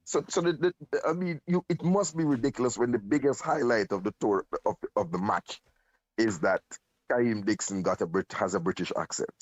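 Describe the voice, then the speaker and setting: A man's voice: medium pitch, fairly quick, no room sound, dull audio. A man, co-hosting a casual football chat, blunt and critical, often stammering as he restarts his sentences.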